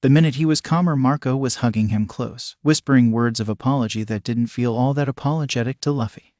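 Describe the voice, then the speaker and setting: A man's voice: mid-range voice, a little fast, few pauses, a little mellow, dry recording. Man narrating fanfiction, dry sound.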